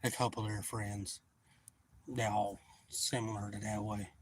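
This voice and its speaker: A man's voice: fairly low pitch, level tone, unhurried, slight background noise. A man, casually retelling a funny story on his livestream in a rambling way. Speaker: livestream host.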